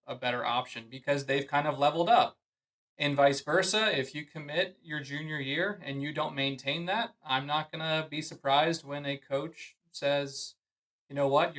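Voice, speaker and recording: Male golf coach, bright tense tone, mid pitch, emphatic podcast advice. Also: rough recording. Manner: earnest, emphatic advice with frequent "I mean" and "you know". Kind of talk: podcast conversation.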